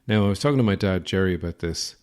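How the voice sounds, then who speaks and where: Irish podcast host, lowish voice, rambling, self-deprecating comic storyteller. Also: male voice, fast talker, a little mellow, clear, resonant tone.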